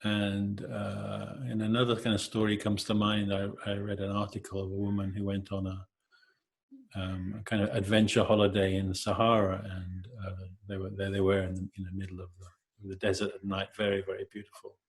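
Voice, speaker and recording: A middle-aged man giving a gentle, halting meditation talk, full of hesitations and filler words. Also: on the low side, completely flat delivery, creaky. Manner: gentle, hesitant, many "you know" fillers. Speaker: meditation teacher.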